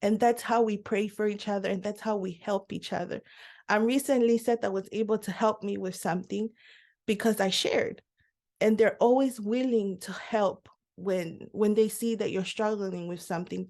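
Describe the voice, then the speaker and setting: A woman's voice: mid-range voice, steady tone, normal speed. A woman on a worship team giving a heartfelt, emotional testimony in a church interview. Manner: heartfelt and emotional, with a quiet laugh at times.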